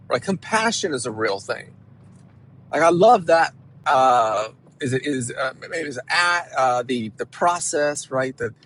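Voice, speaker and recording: An animated male counselor talks straight to the listener. His voice sits somewhat high, and he presses hard on key words and keeps tossing in "right?" as he goes. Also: a little hiss or hum, low-quality recording. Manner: emphatic, animated, peppered with "right?". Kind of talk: motivational talk to camera.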